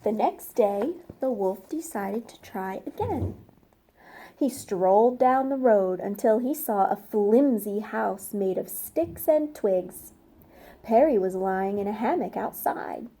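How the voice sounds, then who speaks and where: A woman reading a storybook aloud to young children, gentle and slow, asking them questions as she goes. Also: mid-range voice, animated. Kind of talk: interactive storybook read-aloud.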